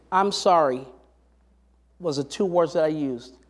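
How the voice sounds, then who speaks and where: A man's voice: sits high, big pitch swings, normal speed, pauses often, darkish tone. A middle-aged man preaching a sermon, telling personal stories and rising to emphatic exhortation.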